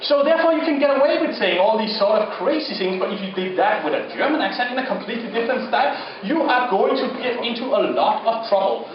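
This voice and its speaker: A man's voice: high-pitched, sing-song, crowd noise. Provocative man lecturing in echoey hall. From Faroe Islands. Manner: joking, provocative, halting. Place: gallery lecture space. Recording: echoey, dull, noisy, far from mic.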